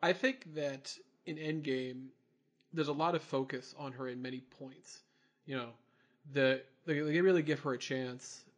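A man's voice: mid-range voice, a little slow. Easygoing man chatting on a podcast. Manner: relaxed, chatty, laughs easily. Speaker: podcast co-host. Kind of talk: casual movie review chat.

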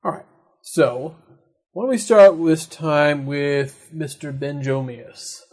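A man leads a casual podcast chat, upbeat and full of jokes. His voice sits a little high for a man. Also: a little mellow. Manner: upbeat, jokey, quick asides. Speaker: podcast host.

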